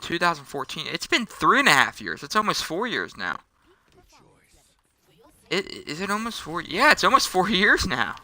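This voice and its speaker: A man's voice: sits high, wildly swooping pitch, pushed and bright, no echo. A young man rambling through a personal story in casual vlog style, often restarting and correcting himself. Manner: rambling with many restarts and quick self-corrections. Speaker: storytelling vlogger. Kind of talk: casual storytime while gaming.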